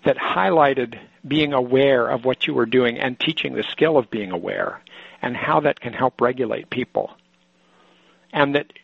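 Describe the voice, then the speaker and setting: A man's voice: mid-range voice, vocal fry, husky, dry recording. A man training therapists, giving a thoughtful lecture to a group and often restarting his sentences. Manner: thoughtful, explanatory, with frequent restarts. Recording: dull lo-fi sound.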